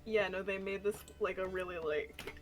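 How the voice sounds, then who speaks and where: Woman player, giggly, trails off, mid pitch, music clearly behind. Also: steady tone, moderate pace. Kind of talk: casual chat during a tabletop game.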